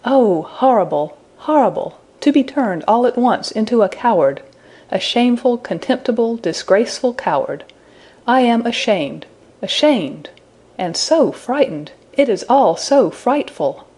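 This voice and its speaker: A woman's voice: mid-range voice, expressive, a little slow, hardly any pauses, dark tone, husky. A woman voicing a frightened young man in a storybook reading, speaking in a trembling half whisper.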